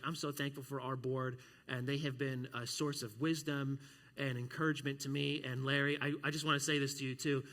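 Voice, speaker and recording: A man preaching a sermon as a pastor, telling stories in an animated way and acting out other voices. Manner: animated storytelling, acts out voices with big pitch jumps. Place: church sanctuary. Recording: long church hall reverb.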